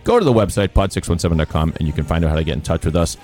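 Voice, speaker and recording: A man with a very low voice, hosting a podcast from a studio microphone. He tells stories in a jokey, animated way and hams up the voices of people he quotes. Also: rapid-fire, hardly any pauses. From Boston. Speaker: podcast host. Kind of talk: casual podcast chat.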